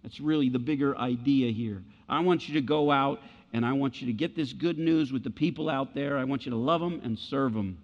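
A male pastor delivers a conversational sermon, acting out the voices of doubters and of Jesus. His mid-range voice is brisk with hardly any pauses, and the sound is muffled with long hall reverb.

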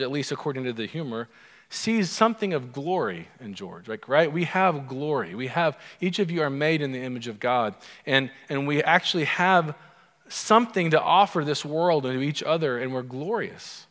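A man's voice: a little high, animated, moderate pace, a bit bright. A man preaching a sermon as pastor, in a conversational, humorous storytelling manner. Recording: long hall reverb.

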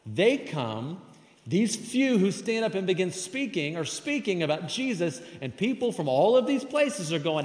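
A man's voice: high-pitched, very animated, measured pace, darkish tone. Man, pastor, emphatic conversational sermon, long hall reverb, echoey room.

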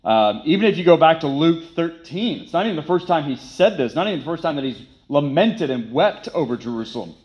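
A man's voice: on the high side, expressive, fairly quick, hardly any pauses, lo-fi sound. A man preaching a sermon, emphatic and repetitive, who poses rhetorical questions and then answers them. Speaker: pastor.

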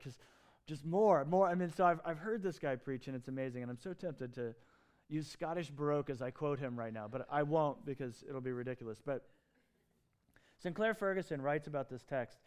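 A man preaching a sermon in an animated, emphatic way, with quick asides and restarts. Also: a little high, smooth. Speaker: pastor.

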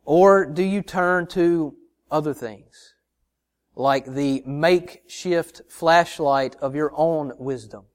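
Pastor, male, fairly high voice, earnest sermon full of questions to the pews. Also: slow pace. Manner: earnest preaching with repeated rhetorical questions to the congregation; addresses listeners as brothers and sisters.

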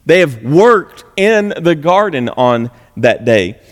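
A man preaching a conversational sermon as pastor, animated and a little sarcastic, asking the congregation questions. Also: a little high, slow pace. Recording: long hall reverb.

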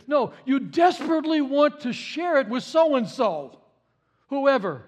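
A man preaching a sermon as pastor in a conversational way. He repeats key phrases for emphasis and swings between loud emphatic bursts and soft low asides. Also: lively intonation, unhurried.

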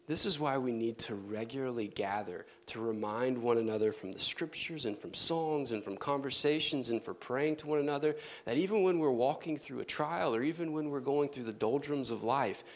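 A man preaching a sermon in an earnest manner, dropping to soft, low tones for emphasis.

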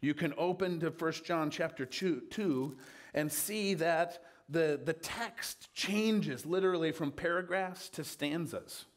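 A man's voice: fairly high pitch, slow pace. Conversational man preaching a sermon. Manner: conversational, with frequent fillers and restarts.

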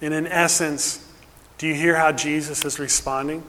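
Earnest high-voiced man preaching, hall reverb. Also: fairly even intonation, normal speed, slight background noise. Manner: earnest, drops to a hush then builds with emphasis. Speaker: pastor. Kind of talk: sermon.

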